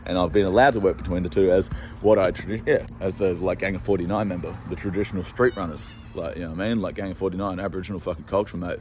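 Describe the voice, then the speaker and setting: A deep-voiced Australian man talks into his phone while pacing a city street, rambling and agitated with constant swearing. He sounds scared and jittery, with faint traffic behind him. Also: steady tone, fast talker, a little mellow. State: scared and on edge. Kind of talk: rambling monologue to camera.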